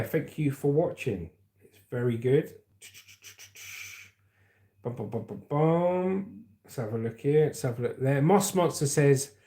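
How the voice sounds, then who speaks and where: A man's voice: mid-range voice, dark tone. A middle-aged man, hosting a casual livestream and chatting loosely while reading out viewer comments. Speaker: livestream host.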